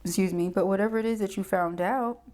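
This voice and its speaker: A woman's voice: mid-range voice, fast, a little mellow, a little hiss or hum. A woman doing a casual tarot reading, chatty and slangy, often checking in with "okay?". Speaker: tarot reader.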